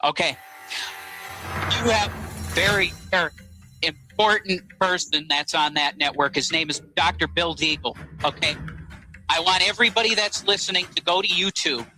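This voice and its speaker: A man guest on a talk show, recounting events in a halting, rambling way with many fillers. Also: high-pitched, bright, forceful tone, faint music behind, rough recording. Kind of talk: casual phone-in interview.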